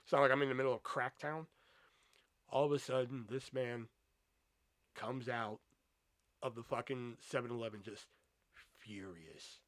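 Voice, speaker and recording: A man's voice: mid-range voice, moderate pace, long pauses, dry recording. A young man hosting a podcast, telling a rambling story with a lot of swearing. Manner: profane, rambling, animated storytelling. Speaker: podcast host. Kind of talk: casual storytelling monologue.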